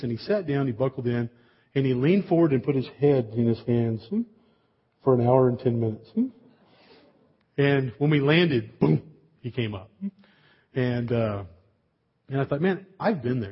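A man preaches to his congregation in a relaxed, storytelling way, sprinkling in jokes and casual asides. His voice has a slightly husky edge at a middling pitch. The recording sounds dull and lo-fi. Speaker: pastor. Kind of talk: sermon.

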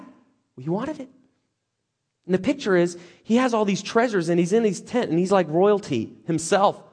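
A man preaching a sermon as lively storytelling, joking and acting out the characters. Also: high voice, normal speed. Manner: animated, jokey, acts out characters.

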